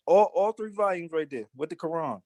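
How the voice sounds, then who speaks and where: A man calls in to an online meeting from his office, his voice sitting fairly high in a dry, close sound. He talks in an excited, eager way. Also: brisk, dry recording. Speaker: meeting participant. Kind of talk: casual chat. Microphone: video call.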